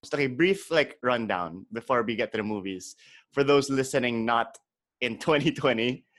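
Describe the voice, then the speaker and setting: A man's voice: medium pitch, normal speed, fairly bright tone. Chatty laughing male podcast host. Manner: laughing, chatty, loose filler words. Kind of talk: casual podcast chat. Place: home, recording over webcam call.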